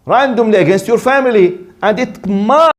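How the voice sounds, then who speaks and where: A man's voice: sits high, normal speed. A man teaching a religious lesson, emphatic and full of rhetorical questions, often repeating his words. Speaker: Islamic teacher. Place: lecture in Canada.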